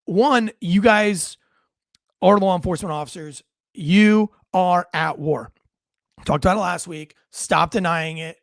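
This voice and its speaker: Blunt, high-voiced ranting man. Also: a bit bright, dry recording, studio quality. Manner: blunt, profane, wisecracking, reads chat aloud. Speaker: livestream show host and military veteran. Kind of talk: unscripted ranting commentary.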